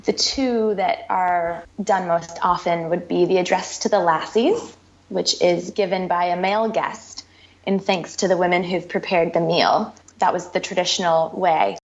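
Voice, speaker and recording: A woman's voice: lowish voice, steady tone, unhurried. A woman guest in a casual interview, explaining things in a chatty way with frequent repeats. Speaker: podcast guest. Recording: dull lo-fi sound.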